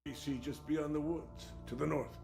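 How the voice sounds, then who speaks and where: An actor playing an old man villager in a game, giving slow, measured directions with a gravelly voice. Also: fairly high pitch, fairly even intonation, a little mellow, faint music behind. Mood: guiding. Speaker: game character.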